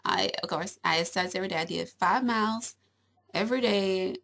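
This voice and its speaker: A woman's voice: mid-range voice, brisk, vocal fry, a bit bright. A young woman chatting casually to camera at home. She is giggly and rambling and fills her talk with little asides. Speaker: vlogger.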